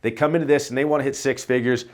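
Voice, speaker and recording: A man's voice: mid-range voice, fairly even intonation, very fast. Guy running an insurance agency, casual vlog talk, rambly, keeps saying right?. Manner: loose, rambling, tags "right?" often; casual, swears offhand. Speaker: insurance agency owner coaching agents.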